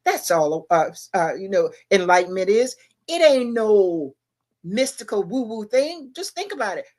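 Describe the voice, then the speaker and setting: A woman's voice: mid-range voice, sing-song, a little slow, darkish tone. A middle-aged woman talks in a casual livestream show as co-host. She speaks emphatically and a little preachily. She keeps asking the listener rhetorical questions. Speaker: podcast co-host.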